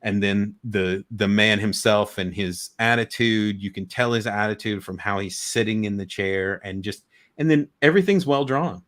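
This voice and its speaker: On a video call, a man appearing as a guest collector talks casually and with enthusiasm, rambling and frequently starting over. His voice sits on the low side and is a bit bright, at a moderate pace.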